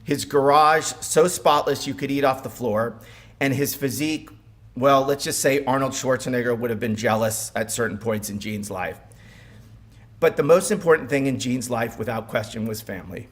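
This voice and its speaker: A man's voice: medium pitch, moderate pace. A man giving a eulogy at a funeral home as the son-in-law, speaking with wry humor and some stumbles.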